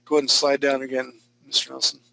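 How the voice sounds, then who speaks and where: Gravelly, bright-voiced male art teacher. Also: medium pitch, monotone, fast talker, rough recording. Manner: casual, encouraging, joking, with frequent restarts. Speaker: art instructor. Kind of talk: live online class critique.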